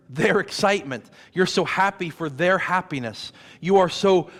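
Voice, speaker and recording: Male pastor, thirties, fairly high voice, conversational sermon, rhetorical questions, long church-hall reverb. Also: a bit bright. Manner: conversational preaching with playful growls and repeated rhetorical questions. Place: church sanctuary.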